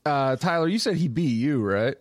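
A man casually telling a story in animated, profane chat with friends. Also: medium pitch, normal speed. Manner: animated, profane storyteller who acts out quotes.

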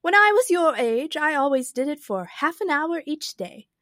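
Woman reading, putting on a dithering old queen with piercing high wails; fussy, scatterbrained, very lively pitch. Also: normal speed, dry recording, clean studio sound. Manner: wailing cries, fussy and dithering.

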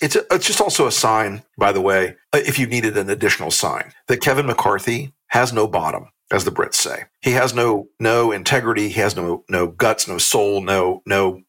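Sarcastic, husky-voiced man ranting. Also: fairly low pitch. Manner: profane, animated, sarcastic. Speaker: podcast host. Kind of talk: casual political chat.

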